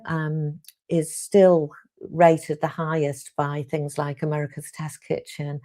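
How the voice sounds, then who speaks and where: British woman, low voice, casual live-stream host, chatty, lots of ums. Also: mellow. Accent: British English. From United Kingdom. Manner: chatty and rambling, with frequent ums and restarts. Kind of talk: casual live-stream chat, reading viewer comments.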